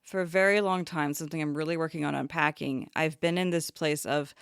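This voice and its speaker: A woman co-hosting a podcast from home over a video call, thinking aloud and questioning herself, with quick asides. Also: low-pitched, steady tone, clear, resonant tone, dry recording, studio quality. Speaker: podcast co-host. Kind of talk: candid conversational podcast talk.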